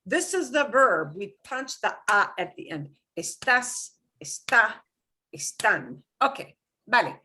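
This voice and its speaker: A woman teaching an online class, animated and quick to laugh. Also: medium pitch, husky. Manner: animated, punches stressed syllables, laughs easily. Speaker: Spanish teacher.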